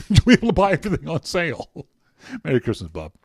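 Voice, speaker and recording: A man's voice: fairly high pitch, wildly swooping pitch, quick pace, a little mellow, husky, dry recording, clean studio sound. A middle-aged man hosting a casual podcast, reading listener emails aloud with a chatty, teasing manner and frequent laughs. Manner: chatty and teasing, laughs often, many restarts. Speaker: podcast host.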